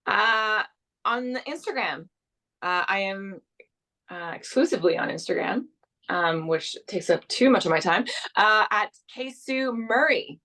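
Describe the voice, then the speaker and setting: A woman's voice: mid-range voice, animated, a little slow, bright, forceful tone. A young adult woman from Canada, a guest actress chatting casually in an interview, full of restarts and fillers.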